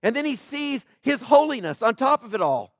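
A man preaches a sermon with a high voice. He is emphatic and moves between loud declarations and hushed asides. The sound is dry and close, with no room echo. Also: very animated, moderate pace. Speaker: pastor.

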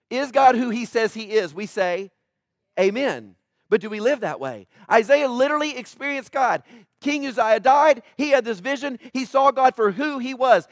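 A man preaches a sermon with a high voice. He is emphatic and moves between loud declarations and hushed asides. The sound is dry and close, with no room echo. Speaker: pastor.

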